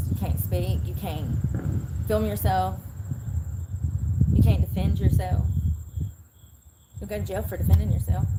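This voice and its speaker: A woman's voice: medium pitch, heavy background noise. A woman live-streaming an aggrieved, rambling rant into her phone. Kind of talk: ranting vlog monologue. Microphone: phone held for self-filming.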